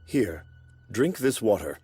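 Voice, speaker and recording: An actor voicing an ancient, calm male golem guardian in an anime dub, speaking in a formal, measured way. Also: lowish voice, faint music behind. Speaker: forest guardian.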